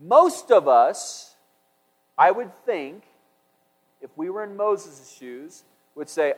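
High-voiced male preacher in a hall. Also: sing-song, slow, long pauses. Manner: reads scripture aloud and acts out quotes with swings in volume. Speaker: pastor. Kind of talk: sermon. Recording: long hall reverb.

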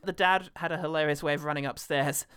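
A man's voice: on the high side, fairly even intonation, brisk, sharp tone, clear, resonant tone, no echo, studio quality. A man co-hosting a casual film review podcast, joking and sardonic, laughing often between his remarks. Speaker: podcast co-host.

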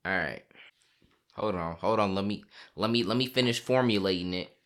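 A man's voice: sits low, normal speed, a bit bright. A man in playful banter with his wife, telling a teasing story with laughs and mock voices. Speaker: husband playing an improv game.

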